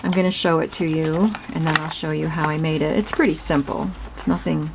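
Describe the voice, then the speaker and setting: Woman host, low gravelly voice, chatty step-by-step craft demo; noisy track with clicks. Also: fairly even intonation, fairly quick. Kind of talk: casual crafting demonstration.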